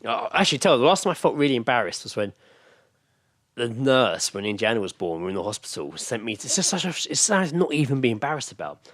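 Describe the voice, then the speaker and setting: A man co-hosting a casual podcast, speaking very quickly. He rattles through anecdotes, swears freely and acts out the voices of the people in his stories. The recording is close and dry, with no room sound. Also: medium pitch, sing-song, fairly bright tone, no echo. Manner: rapid storytelling, swearing, acting out quotes. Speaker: podcast co-host. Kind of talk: casual chat.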